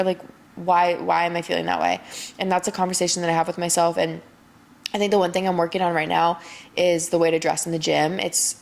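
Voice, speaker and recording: A woman's voice: lowish voice, creaky. A young woman hosting her own podcast, chatting casually and encouragingly about faith, tired late at night and leaning on "like" a lot. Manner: faith-driven motivational talk, heavy use of "like". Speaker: podcast host. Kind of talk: casual solo podcast chat.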